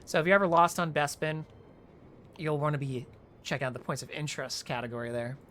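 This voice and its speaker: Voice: medium pitch, fairly even intonation, fairly quick, fairly bright tone, a little hiss or hum. Chatty game walkthrough commentary. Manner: chatty, jokey asides between instructions. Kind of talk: casual gameplay commentary.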